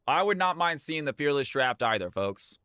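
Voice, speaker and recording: A man's voice: a little high, big pitch swings, normal speed, pushed and bright, clean tone, dry recording, studio quality. A man hosting and casting a live game stream, chatty and hyped, laughing often as he talks to viewers. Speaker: stream host and caster. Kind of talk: casual live-stream chat.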